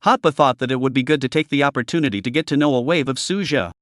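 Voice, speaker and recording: A man narrating a scripted story recap with a lively, expressive reading. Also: medium pitch, fast talker, dry recording, clean studio sound.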